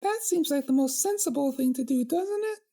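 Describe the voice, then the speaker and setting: A woman voicing a prim, exasperated young female pony princess in a comedic fanfiction reading, with a shrill, clipped delivery. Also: moderate pace. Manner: shrill, clipped, deadpan retorts. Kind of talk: comedic fanfiction read-aloud.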